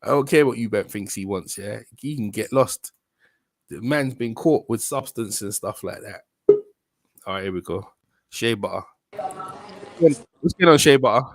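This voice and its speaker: A man hosting a boxing live stream in casual chat, excitable and repeating himself often. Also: fairly low pitch, moderate pace, long pauses, no echo, studio quality. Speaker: boxing livestream host.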